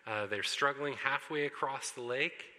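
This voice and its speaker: A man preaching a sermon to a congregation, animated and joking with the listeners. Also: mid-range voice, moderate pace. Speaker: pastor. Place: church hall with congregation. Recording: long hall reverb.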